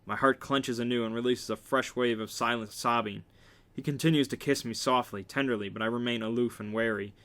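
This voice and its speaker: A man's voice: mid-range voice, fairly even intonation, fairly quick, bright, forceful tone. A man reading a romance novel aloud in a casual amateur way, with small slips and restarts. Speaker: reader.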